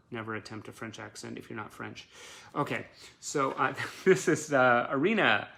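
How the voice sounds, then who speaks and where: A man's voice: mid-range voice, creaky, bright, forceful tone. A man who collects band memorabilia, chatting casually on a live stream and showing off his items, enthusiastic and full of fillers.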